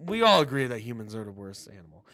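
A man's voice: mid-range voice, big pitch swings, quick pace, fairly bright tone. A young man co-hosting a podcast in casual chat, blunt and laid-back. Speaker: podcast co-host.

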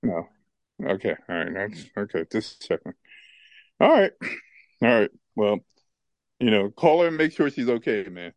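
An animated storytelling podcast host. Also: male voice, lowish voice, unhurried, pauses often, no room sound. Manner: animated storyteller who laughs often. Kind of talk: casual chat and storytelling.

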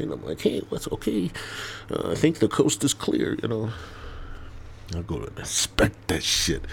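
A man hosting a podcast, rambling crudely and swearing a lot, dropping to mutters and jumping into loud mock voices. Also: deep voice, a little hiss or hum. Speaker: podcast host.

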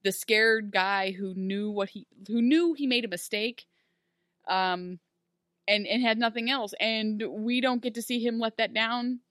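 A lively woman chats through a TV recap, jumping into the characters' lines with animated energy. Her voice sits a little high and sounds dry, close to the mic with no room around it. The talk is casual and conversational. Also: no room sound. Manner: animated, acts out characters' lines in quick bursts. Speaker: podcast co-host. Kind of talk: casual recap chat about a TV show.

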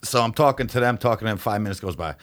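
A man's voice: lowish voice, very fast. A man in his forties telling blunt, profane stories in a casual podcast chat.

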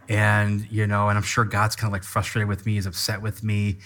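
A male pastor preaching a sermon in a conversational, animated way, acting out what people tell themselves. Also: lowish voice, fairly quick, hardly any pauses.

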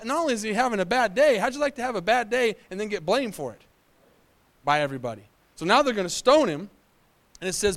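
High-voiced fervent preacher man. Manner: builds to loud, fervent preaching with call-and-response. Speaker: pastor. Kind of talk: sermon.

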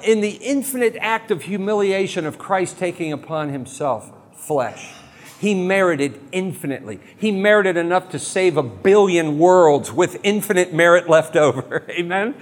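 A man speaking in a fairly high voice and giving an animated, humorous talk to a live audience. He moves quickly between teaching and playful asides. A long hall reverb trails each phrase. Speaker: Catholic speaker.

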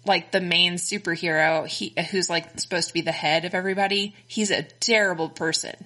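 Texan woman, chatty co-host, rambling with fillers, lowish bright voice. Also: steady tone, brisk. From Texas, United States. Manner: rambling, many fillers and restarts. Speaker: podcast co-host. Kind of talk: casual chat.

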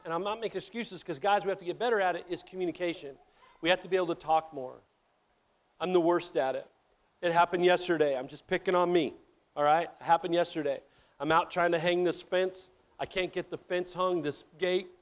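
A middle-aged man preaching a sermon, animated and joking, talking straight to his congregation. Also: high-pitched. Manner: animated, jokey, addresses audience directly. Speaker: pastor.

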